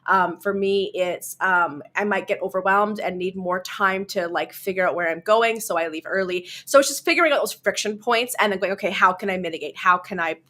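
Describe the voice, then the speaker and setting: A woman's voice: mid-range voice, normal speed, hardly any pauses, a bit bright. A woman hosting a casual livestream, chatty and giggly as she tells stories and answers viewers. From Canada. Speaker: livestream host.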